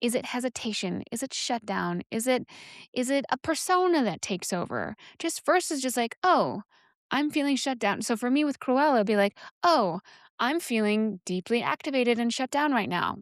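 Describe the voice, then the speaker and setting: A woman's voice: fairly high pitch, lively intonation, normal speed, no echo. Woman host teaching candidly, lots of restarts and um's, dead dry room. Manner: frank, thinks aloud, many restarts and fillers. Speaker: sexuality educator and podcast host.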